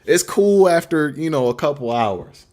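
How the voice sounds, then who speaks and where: A man's voice: fairly high pitch, expressive, moderate pace, a little mellow. Laid-back young man rambling on stream. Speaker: beatmaker streamer. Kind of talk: casual livestream Q&A. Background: faint beat playing.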